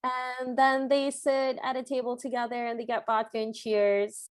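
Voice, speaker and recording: Chatty higher-voiced woman podcast host. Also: flat delivery, normal speed. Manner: chatty, filler-heavy storytelling with frequent "like". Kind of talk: casual chat recapping a film.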